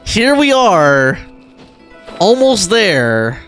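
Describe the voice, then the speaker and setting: A man's voice: high voice, sing-song, very slow, fairly bright tone, soft background music. A young man chatting casually on a game live stream, reading out chat messages and joking with viewers. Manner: chatty, reads chat aloud and jokes around.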